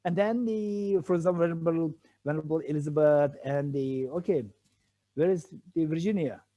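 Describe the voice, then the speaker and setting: A man with a slightly high, mellow voice speaks a little quickly as he patiently explains a Buddhist text. Teaching a sutra commentary, he repeats key phrases and poses rhetorical questions.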